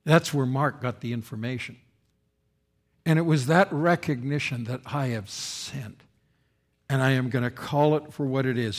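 A male pastor delivers a sermon in a voice of middle pitch. He shifts his volume a lot, rising loud for emphasis and falling soft and solemn. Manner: expressive preaching, rising loud for quoted speech and dropping soft for solemn lines.

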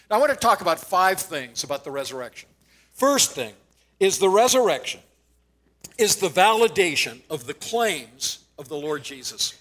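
A man's voice: sits high, a bit bright, rough recording. A man preaching a sermon in an earnest teaching manner, quoting scripture with occasional stammered restarts.

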